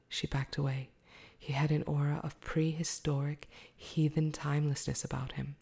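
A woman reading a novel aloud in soft-spoken ASMR style, slow and hushed, often slipping into a whisper. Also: low voice, creaky, slightly rough. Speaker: ASMR storyteller.

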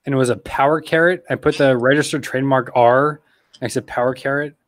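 A man's voice: mid-range voice, fairly even intonation, fairly quick, no echo. A man who works as a teacher, telling stories in a casual chat and defending himself against teasing.

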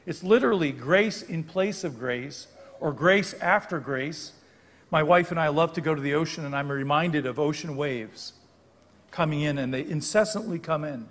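An older man preaching a sermon in a church sanctuary, his slightly high voice carrying a long reverb tail. He explains the text in a conversational, teaching way and stops to correct his own wording. The hall rings behind every phrase. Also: moderate pace, fairly bright tone. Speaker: guest preacher.

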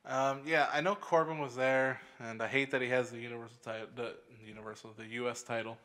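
A man co-hosting a podcast in relaxed, loose chat, cursing freely and laughing often. His voice sits at a middling pitch. It carries a long reverb, as if from a hard, open room. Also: brisk. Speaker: podcast co-host. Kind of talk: casual chat.

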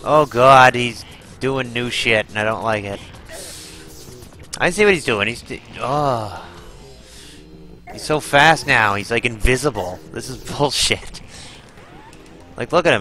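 A man's voice: mid-range voice, bright, forceful tone, low-quality recording. A man giving live gameplay commentary, exclaiming, groaning and swearing as he fights a boss. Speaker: gaming channel host.

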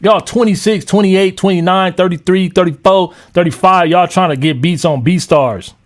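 High-voiced man on a heated rant. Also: normal speed. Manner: heated, mocking, repetitive and profane. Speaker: music producer streaming to a live chat. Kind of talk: profane live-stream rant.

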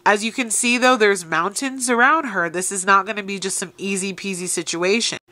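Bright-toned woman reading tarot. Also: mid-range voice, moderate pace, dry recording. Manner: encouraging, addresses listeners directly. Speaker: tarot reader. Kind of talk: tarot reading addressed to viewers.

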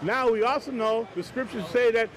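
A man's voice: very high voice, moderate pace. A man preaching on the street who argues back stubbornly and repeats his points in a heated debate.

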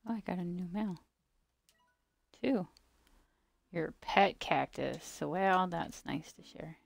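Narrating her gameplay in a chatty way, a female video maker addresses the game's creatures, mock-scolds them and lets her voice fall to murmurs. She speaks slowly in a fairly low, creaky voice, with no room sound.

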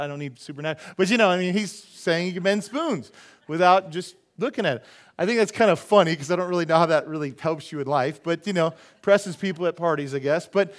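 A male pastor preaching a sermon in a church, telling a story with animated, laughing delivery. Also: on the high side.

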